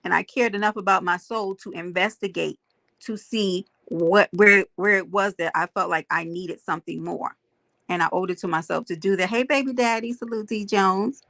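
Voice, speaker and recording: Gravelly woman hosting a livestream. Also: mid-range voice, moderate pace, fairly bright tone, no echo. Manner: talks to chat, greets viewers by name; emphatic, preachy asides. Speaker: livestream host. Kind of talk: casual livestream chat.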